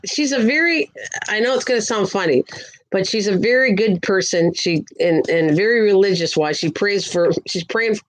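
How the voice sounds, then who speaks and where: A woman's voice: mid-range voice, low-quality recording. An older woman hosting a crafting livestream, chatting in a rambling way and talking to viewers in the chat. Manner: sweet greetings to viewers in a lifted voice.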